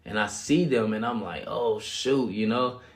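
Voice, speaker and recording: Lively man telling his story, low voice. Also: measured pace. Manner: animated, acts out quotes, laughs often. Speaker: guest sharing his testimony. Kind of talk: casual storytelling.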